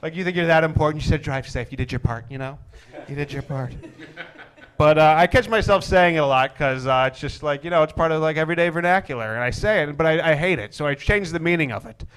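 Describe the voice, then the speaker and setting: A young man performing a stand-up comedy set, deadpan with wry asides that build into exasperated rants. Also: on the high side, quick pace, clear, resonant tone. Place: comedy stage before a live audience.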